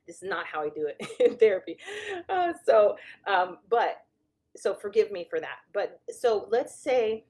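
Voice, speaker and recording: A woman's voice: mid-range voice, big pitch swings, a little slow, darkish tone. A woman therapist explaining to viewers in a casual, candid, conversational way, often correcting herself mid-sentence.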